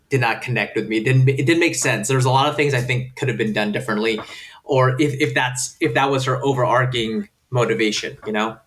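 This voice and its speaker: Rambling man with halting restarts. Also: mid-range voice, a bit bright. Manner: rambling, many restarts, laughing asides. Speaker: podcast co-host. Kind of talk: casual chat.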